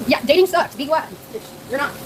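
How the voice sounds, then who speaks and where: A young woman rattles through a story on her live stream, talking straight to her chat. She speaks quickly in a fairly high voice, blunt and full of profanity, with a faint hiss behind her. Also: lively intonation.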